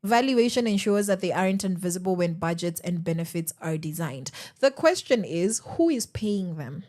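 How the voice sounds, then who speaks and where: A woman hosting a radio talk show, speaking in an animated, emphatic way and firing off rhetorical questions from the studio. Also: lowish voice, normal speed.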